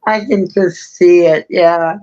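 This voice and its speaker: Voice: medium pitch, fairly even intonation, takes it slowly, dark tone, muffled recording. A listener in a casual chat who mostly reacts with short exclamations.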